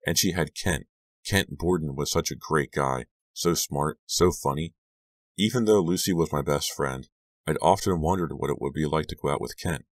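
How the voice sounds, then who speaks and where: A man narrating a scary audiobook in a measured, hushed storytelling manner, lifting his voice for the dialogue. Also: extremely low pitch, no room sound, clean studio sound. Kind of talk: scripted narration.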